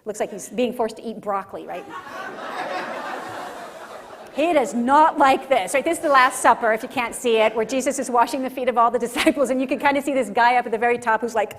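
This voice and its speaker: Brief: lively woman faith speaker, slightly high voice, storytelling lecture. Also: fairly quick, slight background noise. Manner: animated, acts out scenes, frequent "right?". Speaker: conference speaker. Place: conference center.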